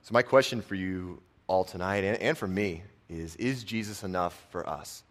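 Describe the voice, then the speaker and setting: A young man giving a casual, conversational sermon, dropping his voice soft on key lines. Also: sits low, normal speed. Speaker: preacher and football coach.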